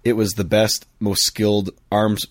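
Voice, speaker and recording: Man, co-host, very deep voice, jokey asides, dry close recording. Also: level tone, dry recording. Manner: jokey, interjecting, quick asides. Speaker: podcast co-host. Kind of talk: casual chat.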